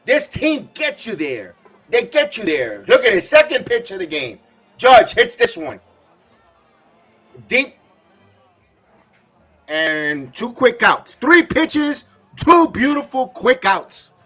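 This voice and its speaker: A man's voice: sits high, sing-song, slow pace, pauses often, pushed and bright, slightly rough. A man hosting a live baseball watch-along, ranting and cursing as an irate fan giving game reaction commentary.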